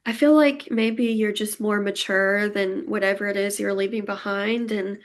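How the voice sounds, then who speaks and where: A woman's voice: mid-range voice, fairly even intonation, moderate pace. A woman giving a casual pick-a-card tarot reading, chatty and emotional, reassuring her viewers and laughing often. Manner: warm, reassuring tone toward viewers.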